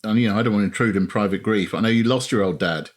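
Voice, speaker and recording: A man hosting a podcast interview, putting questions to his guest in a brisk, wry manner. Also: lowish voice. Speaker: podcast host. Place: indoors over a lunch table.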